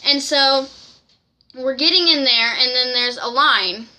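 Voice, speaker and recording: Young woman, high-pitched, very bright, excited rambling vlog storytelling, giggly. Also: measured pace. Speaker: vlogger.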